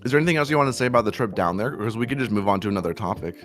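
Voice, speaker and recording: A man streamer chatting casually about a trip, animated and teasing as he asks questions. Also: fairly low pitch, very fast. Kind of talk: casual chat. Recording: faint music behind.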